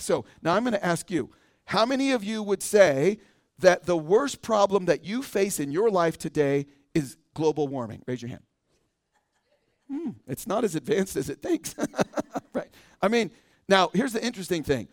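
Guy preaching a sermon, pretty high voice, dry mic, keeps asking "right?". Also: big pitch swings, normal speed, dry recording. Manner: conversational, asks the congregation and adds "right?". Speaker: pastor. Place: church sanctuary.

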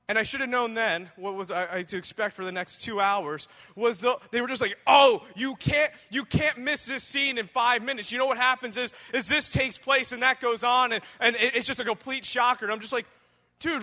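Male pastor, high bright voice, joking storyteller style, reverberant church hall. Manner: conversational, humorous, addresses the congregation directly. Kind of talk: sermon with personal storytelling.

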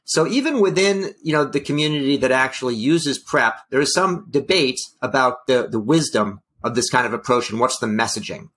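A man's voice: mid-range voice, expressive, a little fast, hardly any pauses, fairly bright tone. A man co-hosting a health policy talk show, speaking in a wry, hedging way with many fillers. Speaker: podcast co-host. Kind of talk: casual policy discussion.

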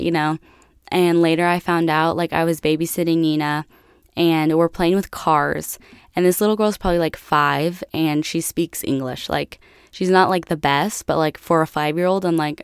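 A woman's voice: low voice, fairly even intonation, moderate pace, clear, resonant tone, dry recording, clean studio sound. A young woman from the United States telling a personal story to her viewers in a chatty, casual way, full of "like". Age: young adult. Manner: chatty, lots of "like" and laughs. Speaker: vlogger.

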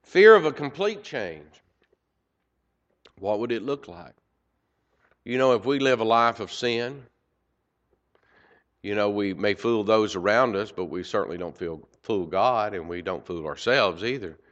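Low-pitched male preacher with dynamic delivery on a lo-fi recording. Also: measured pace. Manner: dynamic, swings from loud emphasis to quiet asides. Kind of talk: sermon. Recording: dull lo-fi recording.

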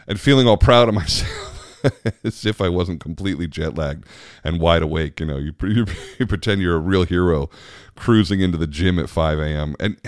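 Man, very low voice, casual podcast host, rambling, laughs a lot, dry close recording. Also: no room sound. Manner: chatty, rambling, laughs often. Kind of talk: casual solo podcast chat.

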